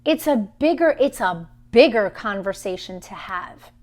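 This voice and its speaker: A woman's voice: medium pitch, animated, a little slow. A woman in her thirties on a phone live stream, telling a story in an emphatic way and acting out the people she quotes. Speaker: vlogger.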